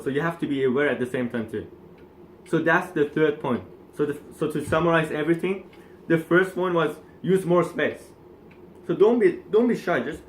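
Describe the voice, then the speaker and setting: A man with a slightly high voice lays out points in a measured, explanatory way. He is co-hosting a casual coaching talk. The room is echoey. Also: slight background noise. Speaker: co-host coach.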